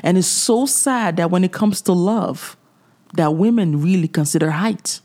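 Woman podcast host, faith talk, preachy and direct, laughs a bit, lowish voice. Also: measured pace, darkish tone. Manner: preachy, direct, chuckling asides.

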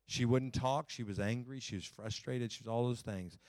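A man preaching a sermon in a loose, conversational way. He sits at a middle pitch and swings between emphatic lines and hushed, quiet passages. The recording is dry and close. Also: normal speed, no echo. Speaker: pastor.

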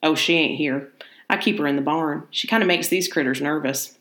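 A woman's voice: deep voice, normal speed, fairly bright tone, echoey room. A woman reading as a sly, taunting old spider breeder. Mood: boastful. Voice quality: taunting, mocking drawl.

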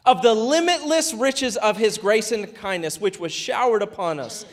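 A man preaching a sermon in a casual, conversational way, with playful asides, acted-out quotes and rises to a shout at high points. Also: normal speed. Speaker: pastor.

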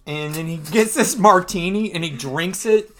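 A man's voice: sits high, normal speed, a little hiss or hum. A man hosting a podcast who recaps a comic book in a chatty, snarky way. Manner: chatty, snarky, animated retelling. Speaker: podcast host.

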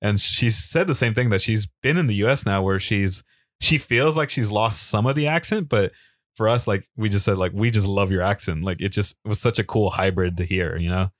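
A man's voice: fairly low pitch, dry recording, studio quality. A man co-hosting a casual podcast, chatting loosely and recapping a wrestling match. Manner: easygoing, rambling with fillers, quick laughs. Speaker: podcast co-host.

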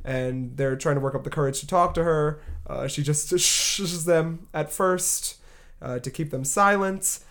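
A woman's voice: sits low, a little slow. A woman in casual conversation, laughing often as she recaps a film scene by scene. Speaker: podcast co-host. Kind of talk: casual movie discussion.

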